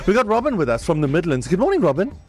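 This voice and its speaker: A man hosting a morning radio show, animated and quick to laugh, from South Africa. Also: sits high, faint music behind. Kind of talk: lively morning radio banter.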